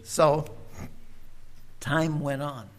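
An older man, a preacher, telling a personal story in a folksy, unhurried way with many pauses and fillers. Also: on the high side, flat delivery, fairly bright tone.

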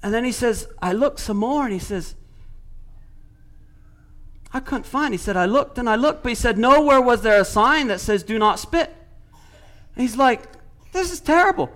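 A man's voice: very high-pitched, normal speed, long pauses, a bit bright. A man preaching a sermon, retelling a story with quoted speech and building to emphatic points.

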